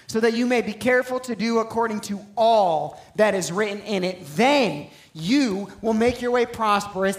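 A man's fairly high voice carries through a roomy church sanctuary as he preaches. He talks in a loose, conversational way, trailing off, restarting and adding casual asides. He sounds like a pastor in his thirties addressing his congregation. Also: fairly bright tone. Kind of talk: sermon.

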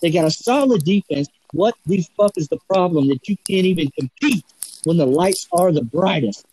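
A man's voice: high-pitched, expressive, normal speed, darkish tone, slight background noise, poor audio. A man on a sports talk panel, ranting heatedly and swearing often. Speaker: podcast panelist.

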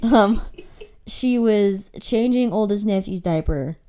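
A woman's voice: medium pitch, slow pace, mellow, a little hiss or hum. Woman cohosting a chatty podcast, tells stories, does little voices for quotes, laughs a lot. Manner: storytelling, acts out quotes, laughs often. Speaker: podcast co-host. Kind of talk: casual chat.

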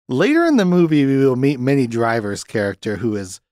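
A young man hosting a podcast, recapping a movie in casual chat, animated and sarcastic, laughing often. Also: medium pitch, moderate pace, no room sound, studio quality. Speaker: podcast host.

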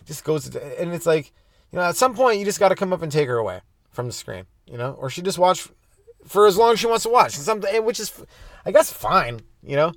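A young adult man hosting a comedy podcast, stoned and rambling loosely through jokes with sudden animated bursts. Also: high voice, a little fast, no room sound, clean studio sound. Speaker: podcast host.

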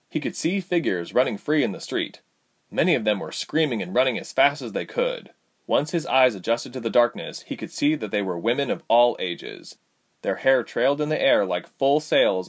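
Man, narrator, storybook reading, lower voice, animated rises and falls. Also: moderate pace.

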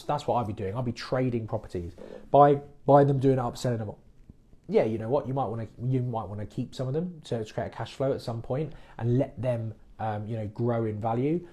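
A man hosting a mortgage podcast, giving frank advice in a relaxed, conversational way and often restarting his phrases. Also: medium pitch. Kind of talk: casual advice chat.

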